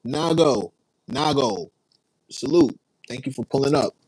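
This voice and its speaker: A man's voice: medium pitch, animated, measured pace, darkish tone, slightly rough, no room sound, low-quality recording. Laid-back New man chatting live. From New York. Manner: rambling, laid-back, reads and answers chat. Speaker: livestream host. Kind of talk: casual livestream chat.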